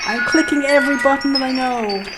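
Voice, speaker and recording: A woman's voice: sits high, fairly quick. A woman hosting a let's play, giving rambling casual commentary full of "like" and restarts. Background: faint game music.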